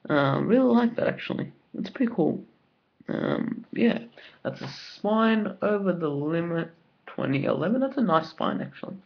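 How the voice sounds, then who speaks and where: A young Australian man talks through an unboxing with rambling, excited enthusiasm, full of ums and likes. His voice sits a little high for a man. The home recording sounds dull and lo-fi. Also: moderate pace, gravelly. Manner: enthusiastic and rambling, many fillers. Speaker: vlogger. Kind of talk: casual unboxing video.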